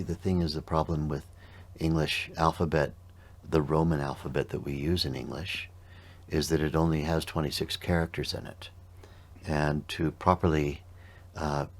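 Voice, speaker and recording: Male meditation teacher, extremely low voice, calm and unhurried in explanation.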